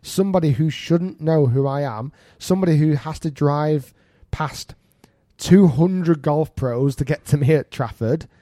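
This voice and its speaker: Podcast host, thirties, animated and self-mocking storyteller, mellow tone, dry studio sound. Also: male voice, a little high, measured pace, no echo. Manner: animated, self-mocking, laughs through stories. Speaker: podcast host and golf coach. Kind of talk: casual storytelling chat.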